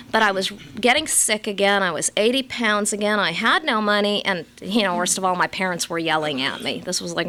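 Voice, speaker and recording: A woman's voice: mid-range voice, pushed and bright. A woman from Los Angeles telling her own story as a recovery meeting speaker, with wry, self-mocking humor. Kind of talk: personal storytelling talk to a live audience.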